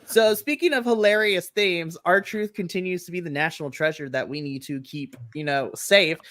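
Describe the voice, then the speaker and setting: A woman co-hosting a live wrestling podcast, chatting casually, laughing often and acting out quotes in a flat deadpan voice. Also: lowish voice, moderate pace, no echo, clean studio sound. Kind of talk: casual chat recapping wrestling. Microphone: streaming microphone, remote setup.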